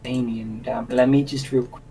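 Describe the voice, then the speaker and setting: A man's voice: medium pitch, steady tone, fairly quick, gravelly, mellow, recorded from a distance, a little hiss or hum, low-quality recording. A man chatting playfully while streaming a game, laughing easily. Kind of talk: casual gaming chat.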